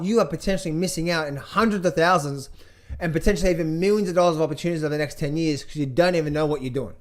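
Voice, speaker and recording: A middle-aged man coaching on trading, talking over charts in an energetic, playful way, chanting phrases in a sing-song repetition. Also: fairly high pitch. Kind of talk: casual market commentary over charts.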